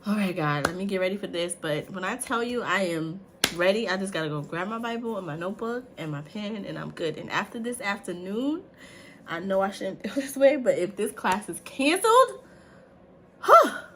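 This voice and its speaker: A woman in her thirties vlogging to camera in a chatty, animated way, with many asides to her viewers. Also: medium pitch, fairly quick, slight background noise. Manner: chatty, animated, says "y'all" and "like" often. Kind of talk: casual talk to camera.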